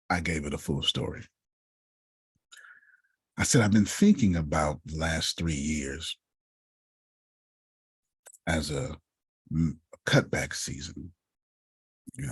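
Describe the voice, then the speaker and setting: A man's voice: extremely low pitch, husky, dry recording, studio quality. A man giving a motivational talk to a group, telling stories and calling listeners by name. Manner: animated storytelling, calls listeners by name. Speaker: speaker coaching authors.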